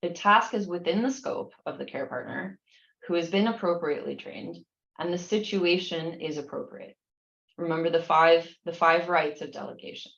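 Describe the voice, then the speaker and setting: A woman with a deep, gravelly voice reads nursing exam questions aloud and walks through each answer patiently. She often restarts her sentences. The recording sounds muffled and roomy, with echo around her. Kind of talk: explaining practice exam questions.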